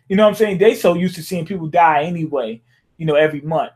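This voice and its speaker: A young man with a high voice talks through a manga chapter in a loose, rambling way. He keeps checking in with his listeners, casual and conversational from start to finish. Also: fast, darkish tone. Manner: rambling, loose and conversational, often asks "you know what I'm saying?". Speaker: manga reviewer.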